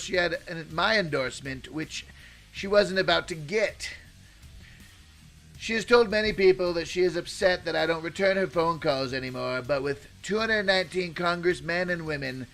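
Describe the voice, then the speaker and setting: Man putting on a boastful older president voice, ranting, declarative, fairly high-pitched. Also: a bit bright. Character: impression of a blustery older male president. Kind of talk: reading a post aloud in an impression.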